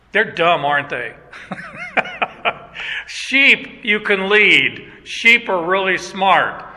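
Guy preaching a sermon, slightly high voice, echoey hall. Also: sharp tone. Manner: slow and emphatic, reads scripture aloud and explains it. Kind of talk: expository sermon.

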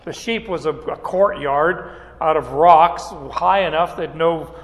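Male Bible teacher, very deliberate pace, halting with "uh" pauses, fairly high voice. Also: long reverb tail. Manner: unhurried, with frequent "uh" pauses and restarts. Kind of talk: verse-by-verse Bible lecture.

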